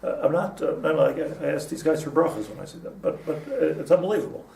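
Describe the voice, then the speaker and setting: A man's voice: on the high side, animated, fast, creaky, darkish tone, a little hiss or hum. A man, a rabbi, giving an informal Torah class in a conversational way, mixing in Hebrew terms and restarting his sentences. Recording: roomy, distant mic with faint ambience.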